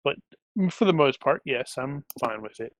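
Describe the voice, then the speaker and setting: A man playing a tabletop role-playing game, talking in a slow, deliberate, casual way. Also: medium pitch, expressive, dry recording. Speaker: player.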